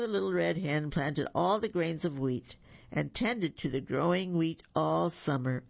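A storyteller reading children's stories aloud, with gentle chatty asides to the listeners. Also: mid-range voice, a little slow, gravelly, dry recording. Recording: muffled lo-fi recording.

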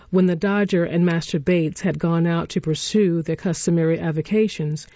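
Mellow, low female audiobook narrator. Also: no room sound. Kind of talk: scripted narration. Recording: dull lo-fi recording.

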